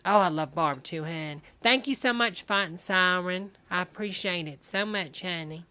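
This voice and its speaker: A woman's voice: on the low side, normal speed, pushed and bright, smooth. A woman hosting a livestream, giving sassy, gossipy comic commentary and calling everyone honey. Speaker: livestream host reacting to a video.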